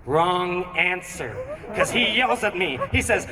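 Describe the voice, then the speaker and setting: A young man performing a stand-up comedy routine with animated, theatrical storytelling on a theatre stage. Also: sits high, moderate pace, a crowd in the background. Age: young adult. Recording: echoey hall, distant mic, noisy.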